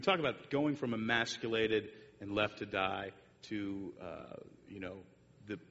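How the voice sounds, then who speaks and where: A man with a gravelly, slightly bright voice gives a church talk with slides, telling a long story full of fillers and restarts. The recording is muffled and echoey, made in a hall with a faint rumble.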